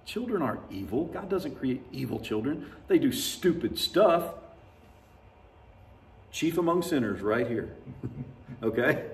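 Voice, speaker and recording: Pastor, male, folksy conversational sermon delivery, mid-pitched, recorded at a distance in an echoey church. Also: sing-song, a little slow, pauses often. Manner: conversational, folksy storytelling preaching with laughter. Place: church sanctuary. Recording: roomy, distant church mic.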